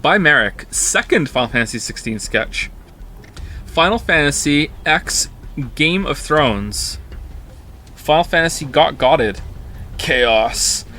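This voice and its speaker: A man's voice: on the high side, expressive, a little slow, sharp tone, slight background noise. A man streaming live, chatting casually and reacting to viewer comments in a rambling way with frequent restarts.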